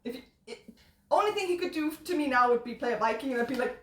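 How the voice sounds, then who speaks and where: High-voiced chatty woman, echoey kitchen. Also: lively intonation, fast, slight background noise. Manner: rambling, laughing often, restarts. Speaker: stream host. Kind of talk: casual chat. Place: home kitchen. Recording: echoey room.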